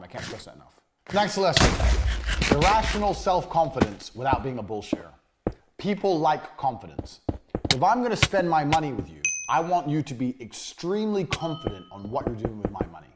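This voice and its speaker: Blunt man lecturing over loud noise. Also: medium pitch, sing-song, brisk. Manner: blunt, emphatic and profane. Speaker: business course instructor. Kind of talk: recorded course lecture.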